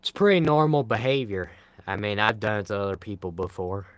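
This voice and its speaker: Laid-back young man with a dry, low voice. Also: animated, fairly quick, no room sound. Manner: laid-back, rambling, frequent sighs. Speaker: live streamer. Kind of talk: casual live-stream chat, answering comments.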